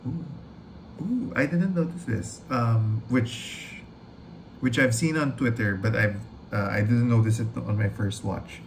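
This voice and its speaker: A man reacts casually to a trailer in a slightly low voice, gushing and swearing as he rambles. His recording has clear background noise. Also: measured pace. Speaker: reaction video host.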